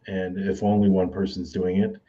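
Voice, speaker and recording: A man's voice: sits low, flat delivery, moderate pace, warm tone, lo-fi sound. A man, a returning podcast guest, talking frankly and agreeably. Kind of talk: casual podcast chat.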